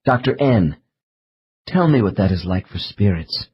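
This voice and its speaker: A man narrating an audiobook in a measured, slow reading of case transcripts. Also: fairly low pitch, animated, dull audio, a little hiss or hum. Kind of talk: scripted narration.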